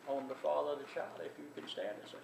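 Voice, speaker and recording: An older man with a Southern drawl voicing a polite, coaxing male voodoo doctor at a childbirth, recorded far off with echo and loud background noise. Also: a little high, little pitch movement, fast talker, creaky. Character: smooth-talking male voodoo doctor delivering a baby.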